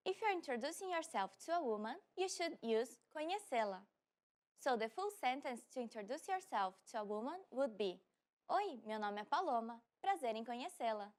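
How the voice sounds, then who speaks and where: Woman, language teacher and host, scripted beginner lesson, friendly, slows for repetitions, high voice.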